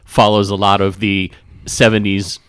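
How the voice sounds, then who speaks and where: A man's voice: on the low side, little pitch movement, moderate pace, a bit bright, clean tone, dry recording. A man co-hosting a podcast in casual chat, enthusiastic and talking in long run-on sentences. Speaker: podcast co-host.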